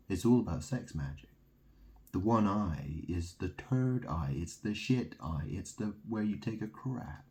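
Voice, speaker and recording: A man's voice: on the low side, mellow. A man giving a rambling, insistent monologue, piling up wordplay and asking "okay?" again and again. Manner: insistent, repeats "okay?", plays on word sounds. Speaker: self-styled religious speaker.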